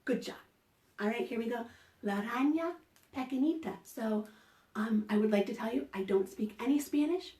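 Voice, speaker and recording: A woman librarian leading an online story time from home, talking slowly and gently in a sing-song, encouraging way to small children. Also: a little high. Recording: roomy home video call audio from a distance.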